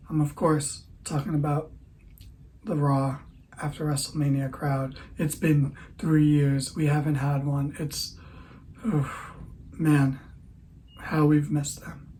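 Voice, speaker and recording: A man's voice: on the high side, flat delivery, slow, long pauses, dark tone, a little hiss or hum, low-quality recording. A tired man hosting a podcast, giving a rambling, sarcastic recap of a wrestling show. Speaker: podcast host.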